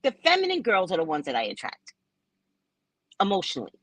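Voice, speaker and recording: A woman's voice: lowish voice, wildly swooping pitch, a little fast, a bit bright, no echo, rough recording. A woman hosting a live stream, telling a personal story in a casual, blunt and profane way, laughing often. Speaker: psychic reader and live-stream host.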